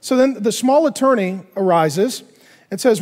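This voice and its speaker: A male pastor preaching a sermon in an animated way, acting out little dialogues in other voices. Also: high-pitched, unhurried, in a large hall.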